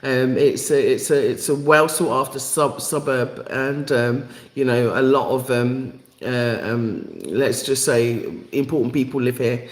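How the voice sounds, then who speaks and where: A woman's voice: rumbling low, measured pace, few pauses. A British woman with a Jamaican-tinged accent, chatting casually and bluntly on a live vlog, full of fillers and plain talk. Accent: Jamaican-inflected British. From England. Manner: chatty, blunt and playfully outspoken, with many fillers. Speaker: vlogger and repatriation helper. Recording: echoey room with long reverb.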